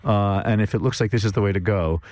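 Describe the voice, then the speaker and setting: A man on a radio panel, a former journalist, brisk and offhand. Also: fairly low pitch, a little mellow, no room sound, studio quality.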